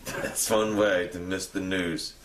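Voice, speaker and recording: A man with a low voice anchors a spoof newscast in a dry, deadpan style. He is recorded in an echoey room, and a faint ambience sits behind his voice. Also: takes it slowly, background noise. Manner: deadpan anchor delivery with chuckles. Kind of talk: mock newscast.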